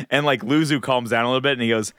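Male podcast host, energetic and profane, bright tone, dry mic. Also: mid-range voice, fast talker, dry recording. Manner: excitable, laughs a lot, swears. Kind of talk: casual chat recapping a game.

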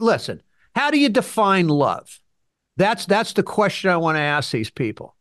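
A man's voice: high voice, very animated, normal speed, fairly bright tone. A man co-hosting a casual podcast, stating firm, blunt opinions. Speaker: podcast co-host.

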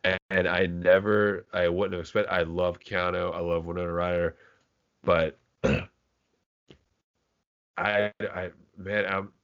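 A man's voice: deep voice, level tone, slow pace, pauses often, fairly bright tone, clean tone. A man co-hosting a podcast, chatting casually about movies, rambling with frequent restarts and casual swearing. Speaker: podcast co-host. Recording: dull lo-fi podcast audio.

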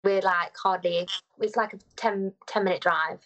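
A woman, chatting quickly with lots of fillers. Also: mid-range voice, steady tone. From Mansfield, England. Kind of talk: casual chat. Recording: dull lo-fi audio.

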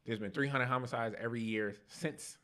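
A young man on a podcast, telling his life testimony in casual slang, animated and laughing at himself. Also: mid-range voice, a little fast. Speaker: podcast guest.

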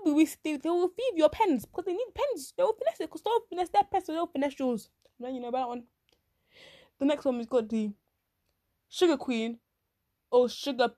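A young woman talks animatedly in a casual comic monologue, full of slang and quick asides. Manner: animated, slangy, quick asides, acts out others in shrill voices. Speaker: vlogger.

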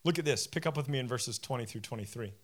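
A man in his forties preaching a sermon as a pastor, animated and conversational, often self-deprecating. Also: medium pitch, fast.

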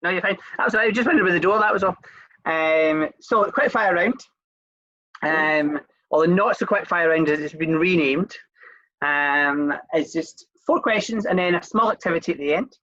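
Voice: mid-range voice, normal speed, pushed and bright, no room sound, muffled recording. A Scottish interview host chatting casually, rambling a little with fillers and restarts.

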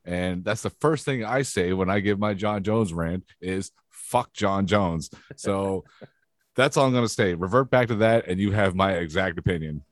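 A man's voice: low-pitched, normal speed, no echo, studio quality. A man co-hosting a casual sports podcast, giving blunt, clipped opinions with a wry edge. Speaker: podcast co-host.

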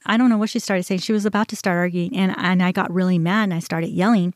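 A middle-aged woman hosting a podcast, telling a personal story in an animated way, often quoting herself and others. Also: medium pitch, fairly quick, hardly any pauses, no room sound, studio quality. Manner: animated, quotes herself and others, restarts when upset. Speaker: podcast host.

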